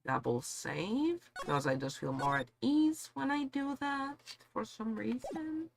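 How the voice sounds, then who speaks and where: A woman's voice: a little high, lively intonation, slow pace, gravelly. A young woman streaming a game playthrough, playful and self-mocking.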